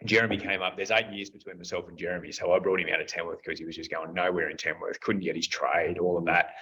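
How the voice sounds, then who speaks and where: A man's voice: low-pitched, little pitch movement, fast, sharp tone, a little hiss or hum. A man, a roundtable guest, telling personal stories candidly and bluntly and swearing freely. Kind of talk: casual storytelling in conversation. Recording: dull lo-fi recording.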